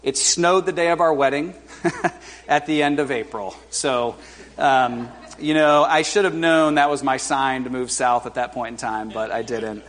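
Halting, chatty man preaching in church. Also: medium pitch, a bit bright. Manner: conversational, halting with many fillers, self-deprecating humor. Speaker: guest preacher. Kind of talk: informal sermon. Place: church service before a congregation.

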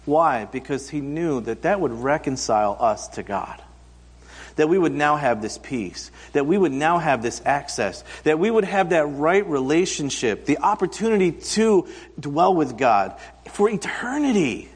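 A man's voice: fairly high pitch, lively intonation, unhurried, slightly rough. A man in his thirties preaching a conversational sermon, telling stories and acting out quoted voices for humor. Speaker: pastor. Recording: long hall reverb.

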